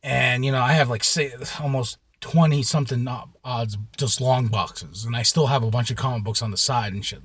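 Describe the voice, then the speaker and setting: A man telling a rambling story to camera in a casual, profane way, with sudden shouts and many repeats. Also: medium pitch, normal speed, hardly any pauses, husky, no room sound. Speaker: vlogger.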